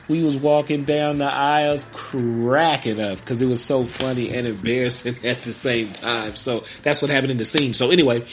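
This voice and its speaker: A man's voice: mid-range voice, a little hiss or hum. A man hosting a podcast, casually retelling a movie plot in a rambling way and acting out the characters' lines. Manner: rambling, acts out characters' lines in quick voices. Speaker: podcast host.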